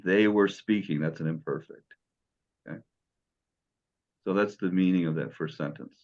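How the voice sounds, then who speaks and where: A man's voice: low-pitched, normal speed, darkish tone, highs cut off. A man teaching Greek in an online class, patient and encouraging as he explains step by step.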